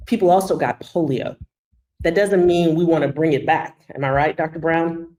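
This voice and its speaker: A woman's voice: sits low, normal speed, dark tone, poor audio. A woman doctor from Texas with a Texan accent, co-hosting a health commentary show in a sarcastic, emphatic way. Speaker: co-host, doctor.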